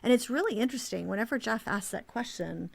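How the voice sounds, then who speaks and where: A woman's voice: fairly high pitch, animated, fast, vocal fry. A woman hosting a podcast, talking casually, thinking aloud with restarts and quoted examples. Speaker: podcast host. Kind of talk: casual conversation.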